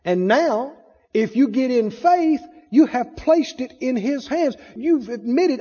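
High-voiced, emphatic male preacher. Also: expressive, slow, dark tone, slightly rough, long reverb tail, highs cut off. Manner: emphatic, call-and-response, acts out voices. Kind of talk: sermon.

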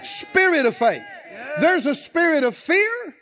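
A man preaching a sermon as pastor, shifting from soft talk to loud, shouted exhortation with laughs. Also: very high-pitched, big pitch swings, unhurried, muffled recording.

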